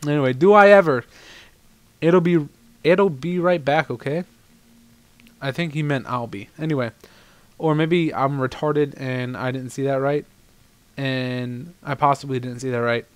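A man's voice: mid-range voice, normal speed, clear, resonant tone, no room sound. A man giving rambling, casual let's-play commentary over a video game and swearing now and then. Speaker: gaming channel host.

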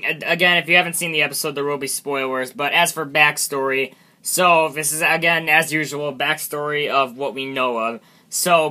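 Bright-voiced man rambling through a review. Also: a little high. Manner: self-deprecating, chuckling, restarts often. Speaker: channel host reviewing his own animation. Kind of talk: casual rambling self-review.

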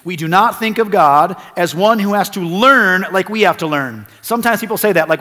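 A man preaching a sermon as a pastor, animated and acting out quoted voices. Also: high-pitched, moderate pace, few pauses. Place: church sanctuary. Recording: church hall reverb.

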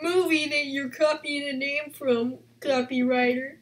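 A woman giving live gameplay commentary as a gaming channel host, excitable and playful, quick to exclaim and tease. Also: high-pitched.

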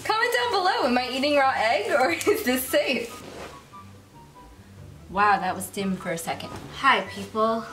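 Young female vlogger, bright higher register, laughs at herself, light music bed. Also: unhurried, long pauses. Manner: chatty, giggly, self-mocking. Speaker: YouTuber. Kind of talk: casual vlog bloopers.

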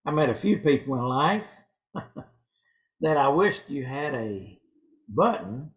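A man's voice: mid-range voice, fairly bright tone, rough recording. A male pastor giving an evening sermon in a church, folksy and fond of telling jokes. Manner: folksy joke-telling preacher. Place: church sanctuary.

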